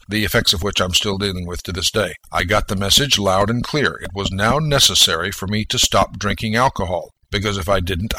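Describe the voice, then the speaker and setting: Forceful, lecturing American man. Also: lowish voice, a little hiss or hum, rough recording. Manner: emphatic, lecturing, commanding. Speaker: radio host. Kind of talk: scripted radio monologue.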